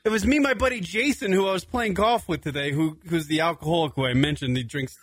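A man's voice: a little high, quick pace, no echo. A young adult man hosting a radio talk show, telling a long story casually, swearing freely and laughing as he goes. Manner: animated, swearing often, laughing through the story.

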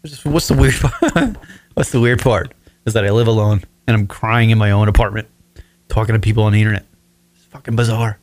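A man's voice: fairly low pitch, a little fast, a little mellow. A man in his forties hosting a solo radio show from his apartment, talking in a rambling, profane, emotional way. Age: 40s. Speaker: podcast host.

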